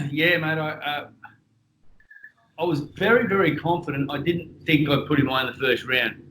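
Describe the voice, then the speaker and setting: An Australian man with a notably high voice talks in an easy, laid-back manner. He stumbles and repeats himself as he warms to a story. It sounds like a relaxed guest chat with mates. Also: normal speed, echoey room, a little hiss or hum. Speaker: guest, former boxing champion.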